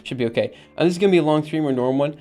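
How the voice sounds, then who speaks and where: Upbeat male streamer, a touch high-pitched, chats loosely with viewers while coding; soft music under him. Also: very fast. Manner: rambling, upbeat, lots of fillers and laughs. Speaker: livestream host. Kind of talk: casual coding livestream chat.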